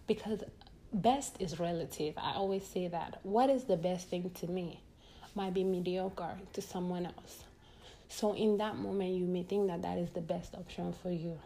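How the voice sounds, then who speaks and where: A woman's voice: on the low side, fairly even intonation, moderate pace, creaky, dark tone, slight background noise. A young woman hosting a podcast, talking candidly in a casual advice monologue drawn from her own life. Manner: candid, conversational, sharing personal stories. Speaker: podcast host.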